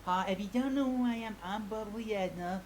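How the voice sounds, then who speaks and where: A chirpy, bubbly woman, as a man puts her on greets with a high, bright lift over a faint hiss. She sounds eager and cheerful throughout. The recording carries a light hiss. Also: fairly quick, close to an everyday voice.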